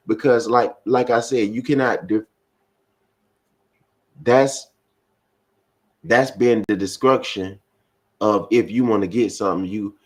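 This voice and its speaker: A man preaching to a live-stream audience, repeating his phrases and building to emphatic bursts. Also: fairly low pitch.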